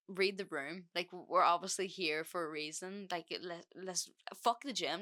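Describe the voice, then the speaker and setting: A woman's voice: lowish voice, bright, forceful tone. A young woman hosting a podcast, telling a breakup story in a casual, frank way that is full of swearing and fillers. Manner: chatty, frank, swears freely, many fillers. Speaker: podcast host.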